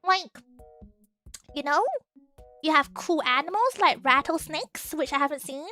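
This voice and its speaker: Very high, bright, giggly woman. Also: unhurried, soft background music. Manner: giggly, excitable, talks to chat. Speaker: streamer host. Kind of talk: casual chat with live chat.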